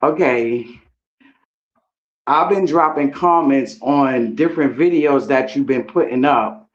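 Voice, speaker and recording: A woman's voice: a bass voice, slow pace. New woman calling in, lo-fi phone. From New York. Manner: chatty, storytelling. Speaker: caller. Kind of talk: casual phone call chat. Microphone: phone call. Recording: dull lo-fi phone call.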